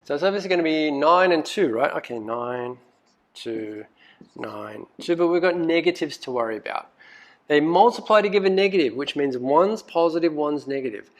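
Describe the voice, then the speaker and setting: A male math teacher walking through a recorded lesson, asking lots of questions, coaxing students and muttering asides as he thinks aloud. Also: a little high. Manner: lively, asks questions and coaxes students.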